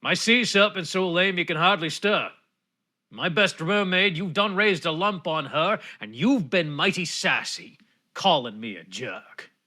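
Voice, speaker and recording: A man voicing an angry old man of the sea, with a thundery, rumbly voice. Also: animated, unhurried, sharp tone, exaggerated voice.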